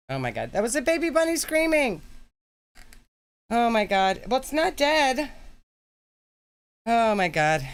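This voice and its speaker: A woman co-hosting a casual chat, excitable, cursing freely and shrieking when startled. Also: medium pitch, clean tone. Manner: coos baby talk at pets. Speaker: co-host.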